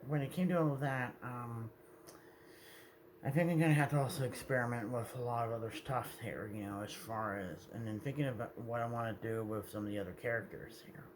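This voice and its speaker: A man's voice: mid-range voice, slight background noise. A man talking to his viewers in a meandering, hesitant way, often correcting himself mid-sentence. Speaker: video creator. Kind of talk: casual rambling monologue.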